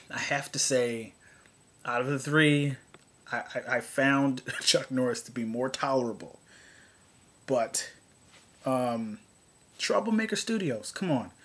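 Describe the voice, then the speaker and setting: Exasperated man ranting with sarcasm. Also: fairly bright tone. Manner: rambling, exasperated, sarcastic, with frequent restarts; swings between low mutters and high exasperated outbursts. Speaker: vlogger. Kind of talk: casual opinion rant to camera.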